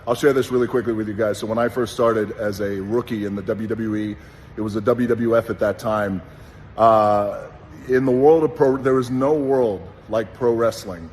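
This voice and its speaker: A middle-aged man, a former pro wrestler, giving a heartfelt personal tribute in an earnest, slow and deliberate way. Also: lowish voice. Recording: long reverb with faint background noise.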